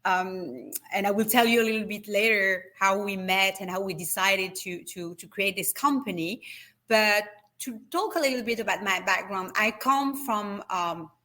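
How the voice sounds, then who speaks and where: A woman's voice: medium pitch, moderate pace, pushed and bright. French-accented woman, hesitant guest. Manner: hesitant, many fillers and restarts. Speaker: wellness retreat company CEO, guest. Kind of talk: video call interview.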